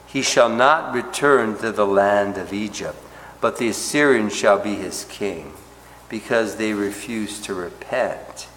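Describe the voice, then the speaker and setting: A low-pitched man preaching in an echoey church hall, where a long reverb trails each phrase. He teaches conversationally, tossing in "right?" and "okay?", and sinks to near-hushed tones at tender moments. Faint background noise sits beneath the roomy sound. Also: measured pace. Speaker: pastor teaching a Bible study. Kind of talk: expository sermon.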